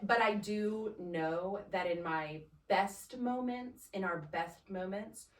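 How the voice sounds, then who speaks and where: A woman with a mid-range voice speaks slowly in casual chat, energetically telling a story, often acting out both sides of an exchange and ending her points with a questioning "right?". The sound is roomy, from a distant mic.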